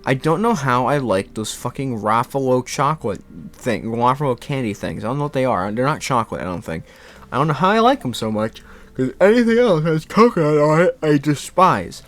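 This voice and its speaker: A young man vlogging in a rambling, animated casual chat, laughing and swearing now and then. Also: medium pitch, a little fast.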